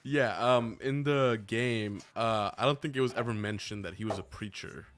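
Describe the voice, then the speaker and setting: A man chatting casually on a podcast, relaxed and a little hesitant. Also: on the low side, moderate pace. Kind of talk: casual chat.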